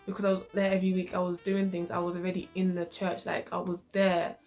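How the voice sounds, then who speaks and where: A woman's voice: lowish voice, fast talker, faint music behind. A young woman telling a casual storytime, acting out her own quoted reactions. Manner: animated, acts out quoted reactions. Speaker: vlogger.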